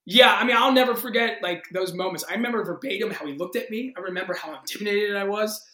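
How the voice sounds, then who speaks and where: A man in his thirties, an actor, telling a story in a casual interview with excited energy, acting out quotes and swearing freely. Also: high-pitched, fast, reverberant. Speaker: actor guest.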